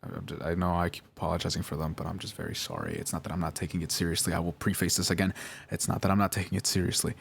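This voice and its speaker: Low-voiced young man, rambling and apologetic. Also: animated, rapid-fire, creaky, a little hiss or hum. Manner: rambling, apologetic, with many fillers and restarts. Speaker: video creator reading out chats. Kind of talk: nervous apologetic monologue.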